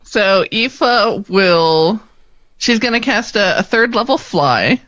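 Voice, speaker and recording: A woman playing in a tabletop game, talking in an excited, casual way. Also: mid-range voice, slow pace, no echo, highs cut off. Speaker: player.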